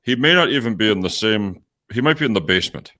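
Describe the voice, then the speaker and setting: A man co-hosting a radio show, telling animated, profane stories and laughing often. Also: lowish voice, fast. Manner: animated storyteller, swears freely, laughs a lot. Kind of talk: casual profane chat.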